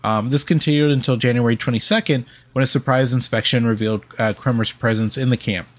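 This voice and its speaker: A man's voice: mid-range voice, fairly even intonation, fast. A man co-hosting a casual history podcast, reading from his notes with frequent ums and uhs. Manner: reads facts with many ums and uhs. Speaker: podcast co-host.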